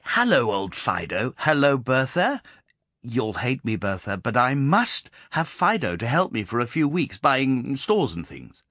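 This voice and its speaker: A man reading aloud and voicing a cheerful, brisk young man who talks breezily with his mouth full, in a storybook reading. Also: medium pitch, sharp tone, no echo, clean studio sound, lightly acted.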